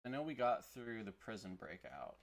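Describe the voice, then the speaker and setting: A man's voice: on the low side, sing-song, moderate pace, slight background noise. A man with a Southern American accent streaming a video game, joking and rambling casually as he plays. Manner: jokey, rambling, self-mocking. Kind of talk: casual gaming stream commentary.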